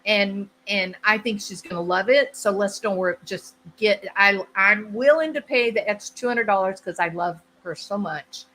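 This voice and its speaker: A woman's voice: mid-range voice, moderate pace, hardly any pauses, a bit bright, a little hiss or hum, natural voice, low-quality recording. Woman doing a devoted, eager husband. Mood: earnest. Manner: earnest, placating. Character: doting, eager-to-please adult husband.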